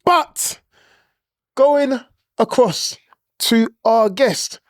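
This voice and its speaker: A man's voice: very high-pitched, extremely slow, no echo, studio quality. A man hosting a casual podcast, introducing guests in an upbeat way. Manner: upbeat, repeats words when introducing. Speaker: podcast host.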